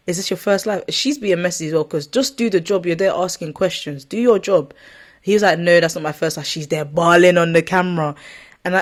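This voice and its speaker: A woman ranting casually to camera as a vlogger, rambling and correcting herself often in an exasperated way. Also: on the low side.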